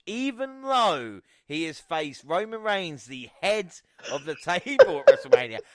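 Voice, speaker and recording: A man's voice: medium pitch, clean tone. A man co-hosting a podcast in casual chat, laughing often and swearing freely. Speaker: podcast co-host.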